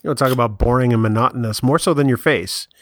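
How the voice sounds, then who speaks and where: A man's voice: mid-range voice, quick pace. A man co-hosting a podcast in casual chat, with dry, teasing banter. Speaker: podcast co-host.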